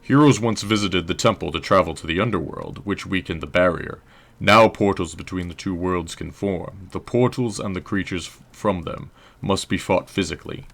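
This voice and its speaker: A man's voice: low-pitched, gravelly, a bit bright, full character voice. A man doing a stoic historian with mock British airs. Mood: grave. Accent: mock British, drifting in and out. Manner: formal, measured, old-fashioned phrasing. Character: stoic male historian, gruff scholar.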